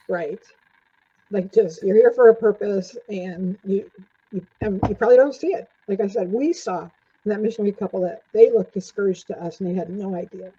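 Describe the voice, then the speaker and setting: An older woman returns as a guest in a casual interview, telling her own stories chattily, laughing often and acting out what people said. Her mid-range voice has a dark tone and a breathy edge, and the recording is dull and lo-fi.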